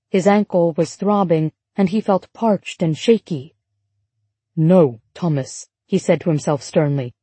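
A woman reading a novel aloud in steady scripted narration. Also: on the low side, husky, no room sound. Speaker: audiobook narrator.

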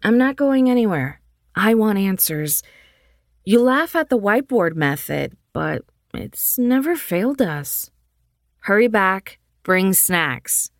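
A woman voicing a determined, sharp-minded young woman who speaks firmly. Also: medium pitch, big pitch swings, slow pace, no room sound, studio quality, voice pushed up.

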